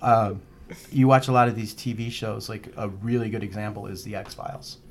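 A man's voice: on the low side, steady tone, normal speed. Male podcast co-host, rambling and jokey, casual chat with slight background noise. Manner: rambling, jokey, goes on tangents.

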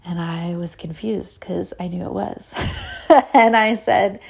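Woman, podcast host, rambling casual storytelling, lots of fillers, slightly low pitch. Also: takes it slowly, creaky, breathy edge. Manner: animated retelling with acted-out quotes.

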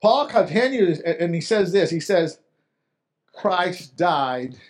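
A man's voice: high voice, expressive, normal speed. A pastor preaching a sermon in a conversational way, asking the listeners questions and often repeating and restarting his words. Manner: voice swings from quiet to loud with emphasis.

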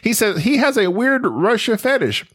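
A podcast co-host with a slightly high voice that swings up and down as he reads listener mail. He laughs easily and digs in when he argues. The sound is dry and close. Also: moderate pace, slightly rough, dry recording. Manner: animated, argumentative, laughs often. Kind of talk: casual chat.

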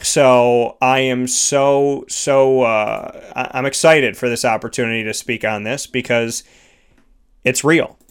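A man's voice: medium pitch, fairly even intonation, slow, clean tone. A man hosting a motivational self-help segment, speaking earnestly in repeated, emphatic lists. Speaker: host of a sponsored motivational segment.

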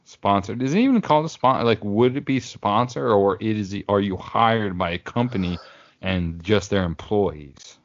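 A man's voice: fairly low pitch, normal speed, no echo. A man co-hosting a podcast, rambling and joking in casual chat. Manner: rambling, joking, lots of fillers. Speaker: podcast co-host. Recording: dull lo-fi dry recording.

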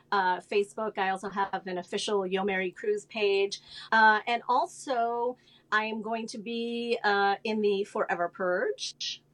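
A woman's voice: a little high, fairly bright tone. A woman, an actress and guest, chatting in an upbeat, chatty way about her work on a remote call. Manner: upbeat, chatty, quick to laugh. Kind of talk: casual interview. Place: home, remote video call.

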